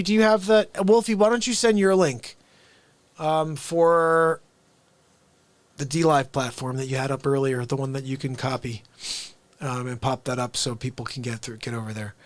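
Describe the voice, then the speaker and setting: A man hosting a casual live stream who talks straight to his viewers, excitable and upbeat, jumping from loud bursts to quiet asides. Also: mid-range voice, dry recording. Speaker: livestream host.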